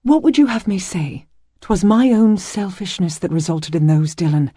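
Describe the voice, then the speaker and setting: Brief: narrator doing a placid, firm healer woman from a medieval audiobook, archaic speech, lifted higher. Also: lively intonation, normal speed, dark tone, husky, no echo, studio quality. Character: stubborn gentle female healer, calm and dryly teasing.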